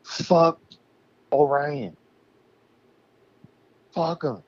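A man's voice: on the high side, drawn-out words, a little mellow, slightly rough, dry recording, lo-fi sound. A man co-hosting a casual podcast, ranting heatedly and swearing a lot. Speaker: podcast co-host.

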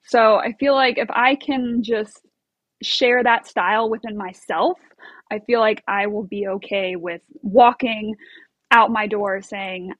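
A woman's voice: medium pitch, fairly even intonation, unhurried, fairly bright tone, no room sound, dull audio. A woman telling a story as an interview guest, bubbly and chatty with many fillers and laughs. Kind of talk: casual storytelling.

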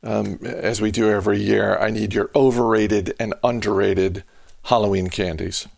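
A man's voice: fairly low pitch, fairly even intonation, normal speed, creaky, a little mellow, no echo, clean studio sound. A man hosting a podcast, chatting casually and restarting his sentences often. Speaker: podcast host.

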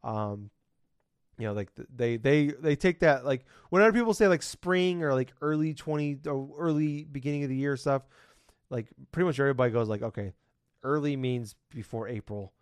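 A man's voice: fairly high pitch, a little fast, clear, resonant tone, dry recording. A man in his thirties hosting a casual podcast, rambling and ranting with lots of swearing. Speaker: podcast host.

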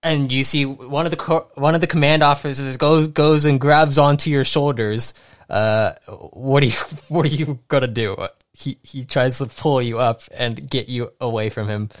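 Male game master, mid-range voice, halting narration, dry recording. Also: mid-range voice, fairly even intonation, dry recording. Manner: halting, restarts often, laughs easily.

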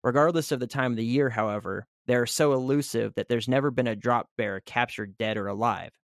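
A man of middle pitch hosts a laid-back podcast. He reads a script aloud and then riffs on it off the cuff. The sound is close and dry. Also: fairly quick, dry recording. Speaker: podcast host. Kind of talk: casual chat with read-aloud segments.

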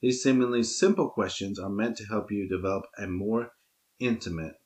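A man's voice: on the low side, moderate pace, a little mellow. A man co-hosting a podcast in casual chat, joking and wisecracking, laughing a lot. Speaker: podcast co-host.

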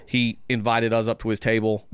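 A man telling a long story as a podcast guest in casual chat, animated, acting out quoted voices and laughing often. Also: lowish voice, a little fast, smooth, dry recording, studio quality.

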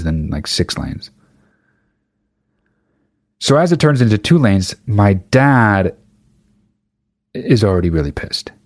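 Low-voiced man telling a sweary story. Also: no room sound, clean studio sound. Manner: profane, rambling, deadpan asides. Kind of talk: casual comic anecdote.

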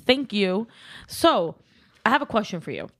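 A woman's voice: mid-range voice, sing-song, moderate pace, fairly bright tone. A woman in her late twenties from California, chatting in a bubbly way with lots of "like". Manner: bubbly, says "like" a lot. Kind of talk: casual chat.

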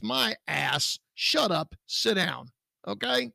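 A man's voice: high-pitched, lively intonation, slow, vocal fry, pushed and bright, dry recording. A man from Texas co-hosting a podcast, talking bluntly and indignantly in casual chat. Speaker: podcast co-host, security business owner.

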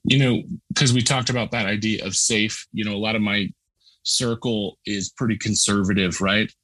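Low-voiced earnest man, dry sound. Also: steady tone, normal speed, a bit bright, no echo. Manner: earnest, conversational, many fillers. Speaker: podcast host. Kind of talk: casual conversation.

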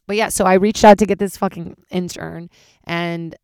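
A woman stand-up comedian hosting her own podcast, rambling casually, swearing freely and jumping wildly in pitch. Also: normal speed, smooth, no echo, clean studio sound. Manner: animated, swears freely, big jumps in pitch.

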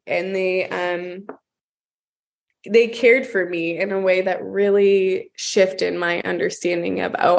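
A woman guest recounting personal stories in an earnest, halting way, with many ums and restarts. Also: medium pitch. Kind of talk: reflective storytelling.

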